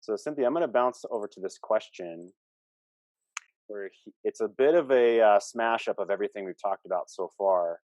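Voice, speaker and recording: A man's voice: on the low side, moderate pace, darkish tone, no room sound. A man co-hosting a relationship coaching talk, explaining earnestly with examples and quoted lines.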